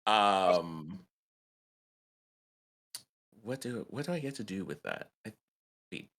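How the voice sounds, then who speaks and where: Low-ish voice guy playing a tabletop game, kinda hesitant, lots of ums. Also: animated, slow pace, fairly bright tone. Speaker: player.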